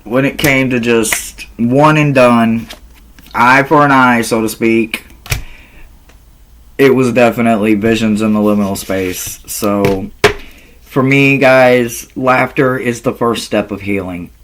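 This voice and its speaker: A man chatting casually in a vlog as a tarot reader, animated and quick to laugh, swearing freely. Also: medium pitch, slight background noise. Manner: slow, drawn-out delivery.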